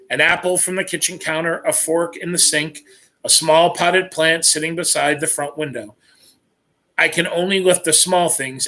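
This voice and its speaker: A man's voice: on the high side, pushed and bright. A man reading a first-person novel aloud in an earnest, tense storytelling manner. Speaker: reader.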